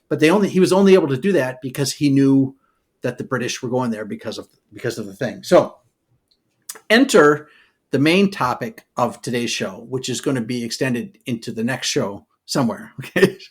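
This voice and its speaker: A man co-hosting a podcast, telling history as a loose, animated story, full of "okay" and "all right" asides. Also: medium pitch, moderate pace, breathy edge. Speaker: podcast co-host. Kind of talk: casual storytelling chat.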